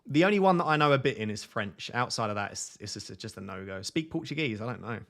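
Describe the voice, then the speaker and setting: A man hosting a live fantasy football stream from his desk at home, speaking at a mid pitch. He reads viewer messages aloud and answers them with jokey, self-mocking asides. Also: lively intonation, quick pace, creaky, a bit bright. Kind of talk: live stream chat reading. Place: home at night.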